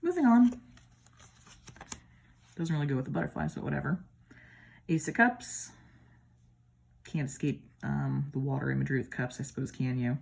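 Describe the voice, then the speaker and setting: Her voice very deep, steady and creaky, a Midwestern woman talks fairly quickly but pauses often while comparing tarot decks at home. The talk is casual, chatty and admiring, with playful asides.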